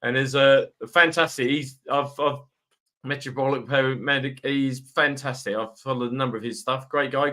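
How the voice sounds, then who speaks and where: A man's voice: mid-range voice, fairly even intonation, moderate pace, gravelly, fairly bright tone. A man with a mixed British and Irish accent, hosting a live-stream chat and reading out viewer comments. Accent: British-Irish mix. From Britain. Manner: chatty, reads out viewer comments. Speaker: host.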